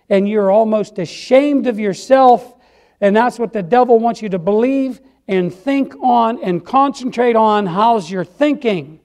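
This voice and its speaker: Lay preacher, male, very high voice, folksy emphatic church delivery. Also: a little slow, darkish tone. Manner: folksy, emphatic, repeats phrases, asks "Amen?". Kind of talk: sermon.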